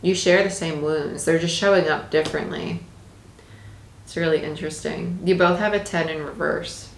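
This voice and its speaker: A woman's voice: low-pitched, fairly even intonation, normal speed, creaky, echoey room, a little hiss or hum. A woman giving a casual tarot reading, chatty and emphatic, repeating her phrases and laughing often. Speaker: tarot reader.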